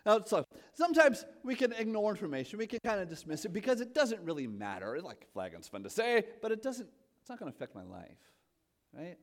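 A male pastor in his thirties giving a casual, self-deprecating sermon, asking the congregation questions and swinging from quiet asides to loud emphatic points. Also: high-pitched, very animated, a little fast. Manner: chatty, self-deprecating, asks the audience questions.

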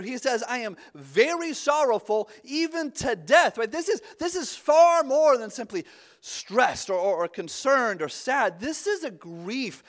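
A pastor preaching a conversational sermon, often restarting his words and dropping suddenly to a hush. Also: extremely high pitch.

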